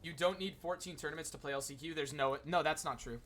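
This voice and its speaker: A man's voice: on the high side, fast talker, a bit bright. A man streaming casually and talking to his chat, rambling with lots of "like" fillers. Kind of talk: casual livestream chat commentary.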